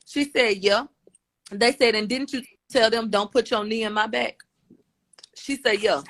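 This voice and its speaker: A woman's voice: on the high side, fairly even intonation, unhurried, fairly bright tone. A woman on a phone livestream, casually retelling events and quoting each side back and forth. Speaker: livestream commentator. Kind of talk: casual recap of court testimony. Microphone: phone on a live video stream.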